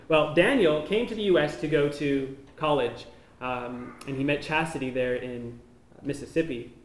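A missionary man giving an informal slideshow talk, explaining each photo in a relaxed, conversational way. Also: on the high side. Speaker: missionary presenting to a church. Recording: echoey room.

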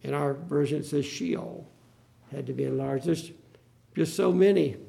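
Male preacher, raised pitch, gravelly edge, dramatic quoting. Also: moderate pace, warm tone. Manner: dramatic, acts out the Bible quotes. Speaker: pastor. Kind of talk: sermon.

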